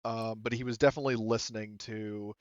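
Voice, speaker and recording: A man's voice: lowish voice, fairly even intonation, a little fast, no echo, highs cut off. A man narrating a tabletop game as game master, rambling and hesitant with many fillers.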